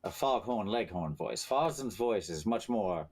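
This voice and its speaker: A man's voice: fairly low pitch, expressive, a little slow, darkish tone, slightly rough. A man who plays and runs tabletop games, chatting eagerly on a live stream, laughing often and correcting himself as he goes. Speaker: guest player who also runs games. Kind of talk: casual chat on a live stream.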